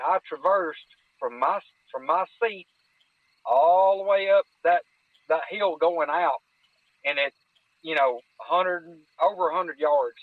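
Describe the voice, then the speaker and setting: A man's voice: on the high side, no room sound. A middle-aged man, telling a personal story as a podcast guest in a folksy way, often restarting his sentences. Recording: tinny phone-like line, dry.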